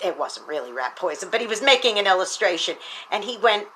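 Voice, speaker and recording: Bright, chatty woman giving a devotional talk. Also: mid-range voice, big pitch swings, fairly quick. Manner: chatty and encouraging, with many fillers. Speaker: teacher and speaker hosting a devotional show.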